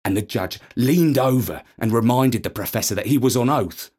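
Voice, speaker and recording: A man narrating a storybook in an expressive, playful reading. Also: lowish voice, normal speed, hardly any pauses, slightly rough.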